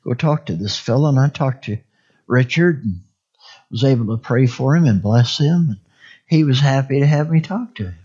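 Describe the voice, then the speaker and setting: A husky man delivers a loose, folksy sermon at an ordinary pitch, drifting through asides and checking in with "amen?" along the way. The sound is muffled and lo-fi. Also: expressive, moderate pace, mellow. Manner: rambling, folksy, asks the congregation for amens. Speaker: preacher. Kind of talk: conversational sermon.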